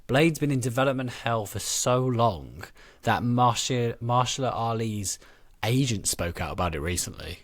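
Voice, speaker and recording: A man's voice: medium pitch, lively intonation, measured pace, dry recording, clean studio sound. Man in his twenties, teasing co-host. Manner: teasing, storytelling. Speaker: podcast co-host. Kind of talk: casual chat.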